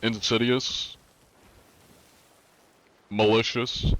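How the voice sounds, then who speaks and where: A man's voice: little pitch movement, drawn-out words, fairly bright tone. A man streaming a game live, answering his chat in a wry, joking, rambling way. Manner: says he is often compared to a deep-voiced narrator.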